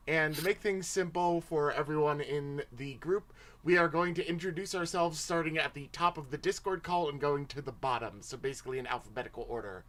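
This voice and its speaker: A man's voice: a little high, a little fast, few pauses, a bit bright. A man hosting a livestreamed tabletop game as game master, casual and chatty.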